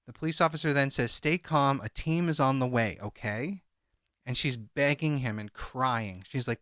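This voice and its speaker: Bright-voiced man retelling a story. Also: medium pitch, moderate pace, no room sound, studio quality. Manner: recounts a transcript, reading out each speaker's lines in turn. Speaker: podcast co-host. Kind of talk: true crime podcast retelling.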